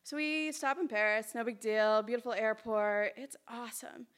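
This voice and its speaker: A woman telling a personal story at a live storytelling event, chatty, lively and self-mocking, on a stage mic in a small hall. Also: a little high, moderate pace.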